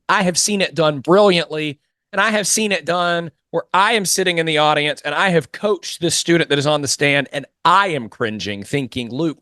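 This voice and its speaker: Man, podcast host, mock trial coach, thoughtful long questions, raised pitch, dead dry sound. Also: a bit bright, no room sound. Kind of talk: casual podcast interview.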